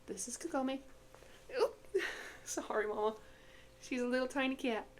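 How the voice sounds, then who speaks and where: A woman's voice: high-pitched, a little slow. Woman at home rambling about her cats, chatty, baby-talks the cat, faint hiss in the back. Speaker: pet vlogger. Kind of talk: casual vlog chat. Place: home, indoors.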